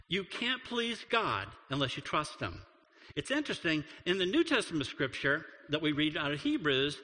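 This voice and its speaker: A man preaching in a church with a bright, fairly high voice that rises and falls with lively energy. He talks to the congregation like a conversation and slips into acted voices for quotes, all ringing with a long hall reverb. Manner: animated, acts out quotes, conversational. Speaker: pastor. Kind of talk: sermon.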